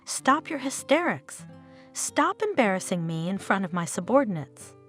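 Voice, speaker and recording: A woman's voice: mid-range voice, big pitch swings, normal speed, a bit bright, soft background music. Woman reading a smug cheating husband, dismissive, not sorry at all. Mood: defiant. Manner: defiant, dismissive. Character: cold, cheating husband, middle-aged man.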